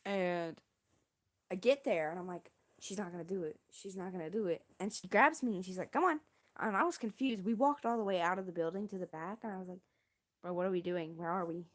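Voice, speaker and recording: A woman's voice: on the low side, brisk. Rambling young woman streamer. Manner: rambling, self-deprecating, slangy. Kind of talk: casual storytelling.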